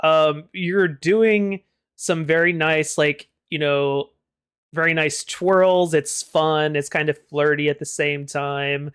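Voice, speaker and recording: A man's voice: on the high side, steady tone, takes it slowly, fairly bright tone, smooth. A man narrating as game master of a tabletop game, describing scenes with occasional fillers.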